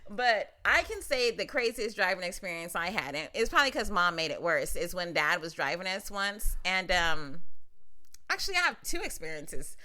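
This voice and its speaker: A woman's voice: fairly low pitch, normal speed. A young woman from Long Beach, California, co-hosting a podcast and telling stories in casual, profane chat, often laughing. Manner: animated, profane, laughing storyteller. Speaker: podcast co-host.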